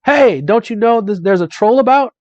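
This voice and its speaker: A man's voice: a little high, very animated, moderate pace, breathy edge, dry recording, muffled recording, exaggerated voice. A man voicing a rowdy, drunken male halfling fisherman in a tabletop adventure reading. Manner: loud, boisterous drunken calling.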